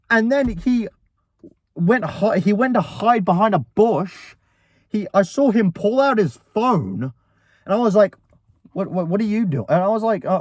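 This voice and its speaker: Young man, casual storyteller, rambling with restarts, slightly high voice, dry close sound. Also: no echo. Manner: rambling, full of restarts, quoting both sides of a quarrel.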